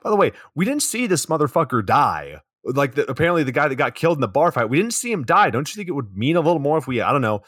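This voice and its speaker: A man's voice: a little high, very animated, fast talker, few pauses, fairly bright tone, slightly rough, no room sound, clean studio sound. A man co-hosting a podcast, recapping a movie in a crude, sarcastic way. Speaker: podcast co-host. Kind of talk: casual comedic movie recap.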